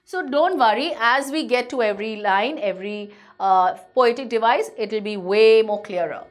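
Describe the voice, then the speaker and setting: A woman's voice: fairly high pitch, normal speed. A woman teacher with an Indian English accent, explaining a lesson to students, patient and repeating points to reassure them. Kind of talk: online class lecture.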